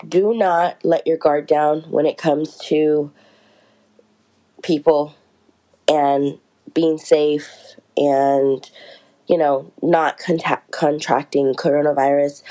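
A woman's voice: on the low side, a little mellow, poor audio. A woman vlogger telling a story to her viewers in a rambling, chatty, self-mocking way.

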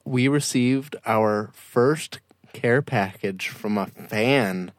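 A man's voice: medium pitch, extremely slow, dry recording, studio quality. A man hosting a casual podcast, upbeat and joking as he chats with his co-hosts. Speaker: podcast host.

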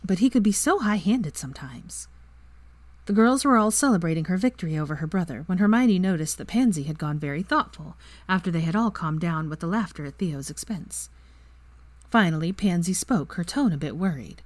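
A woman narrating a story, her pitch moving a lot as she reads. The sound is close and dry, with no room around it. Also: expressive, a little fast, darkish tone, no room sound. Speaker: fanfiction reader.

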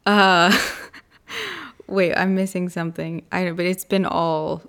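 A woman's voice: fairly low pitch, big pitch swings, takes it slowly, a bit bright. A woman co-hosting a podcast in casual chat, rambling and laughing often. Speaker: podcast co-host.

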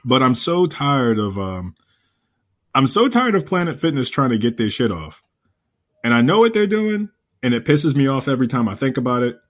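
A man co-hosting a podcast in casual chat, an animated storyteller who repeats himself and swears freely. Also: medium pitch, moderate pace. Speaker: podcast co-host.

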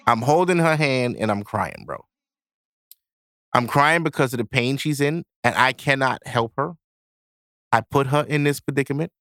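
A young man hosting a podcast, telling a story in a casual, animated way, swearing and laughing as he goes. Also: mid-range voice, normal speed, pauses often, dry recording, clean studio sound. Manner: animated, profane, laughing while he tells it. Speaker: podcast host.

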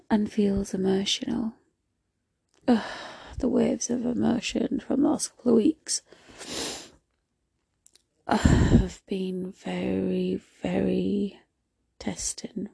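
A young woman talks through a casual solo podcast in a soft voice that keeps dropping to a whisper. Her voice is very husky and heavily gravelly, with a dark, mellow tone. She speaks slowly, and the recording is dry and close. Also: mid-range voice, no echo. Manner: soft, often slipping into a whisper. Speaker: podcast host.

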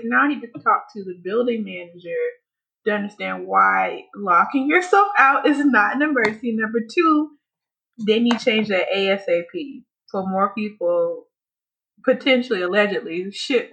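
A woman's voice: fairly high pitch, animated, moderate pace, pushed and bright, husky. A woman in casual chat, reacting with blunt, profane commentary. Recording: dull lo-fi sound.

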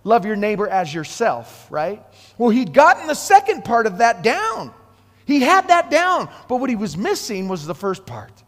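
A man preaching a sermon, animated, swinging between hushed and loud, acting out quotes. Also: sits high, normal speed, in a large hall.

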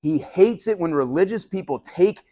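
Brief: conversational male pastor, fairly high voice, animated sermon. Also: moderate pace, dry recording, clean studio sound.

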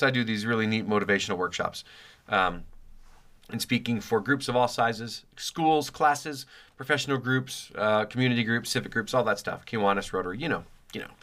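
A man's voice: lowish voice, bright, forceful tone. A man hosting a podcast in a rambling, jokey way from his home office, his voice recovering after a chest cold. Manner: jokey and rambling, many fillers. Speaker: podcast host. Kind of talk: casual rambling podcast intro.

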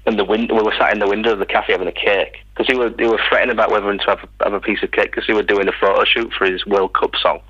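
A man's voice: on the low side, fairly even intonation, fast talker, few pauses, fairly bright tone, breathy edge, no room sound, muffled recording. A man, a writer guest in a casual interview, rambling and restarting as he tells stories. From England. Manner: rambling, self-interrupting storyteller.

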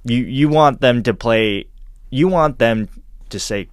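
A man's voice: mid-range voice, takes it slowly, no echo, clean studio sound. A man co-hosting a casual sports podcast, talking in a rambling way with lots of restarts and laughs. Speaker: podcast co-host.

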